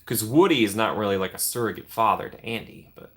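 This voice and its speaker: A man's voice: lowish voice, lively intonation, quick pace, fairly bright tone. A young man casually chatting on a live stream, reading and answering viewer comments with playful teasing.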